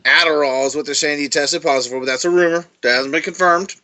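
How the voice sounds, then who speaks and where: A man co-hosting a podcast in casual chat, blunt, sarcastic and quick to swear. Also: fairly high pitch, fairly even intonation, pushed and bright. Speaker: podcast co-host.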